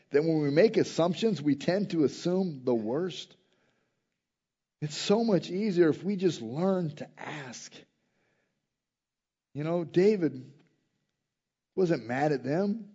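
A man preaching a sermon, moving between quiet reflective passages and loud, emphatic rises, often asking his listeners direct questions. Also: fairly high pitch, husky, muffled recording.

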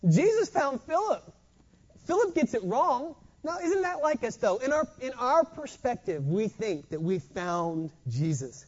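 Preacher mid-sermon, animated, stumbling repeats, muffled lo-fi sound. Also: high-pitched, unhurried, slightly rough. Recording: dull lo-fi recording.

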